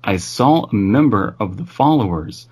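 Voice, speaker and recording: A man's voice: lowish voice, animated, normal speed, a little mellow, breathy edge. A man reading a creepy story aloud in an offhand, amused way, stopping to comment on it.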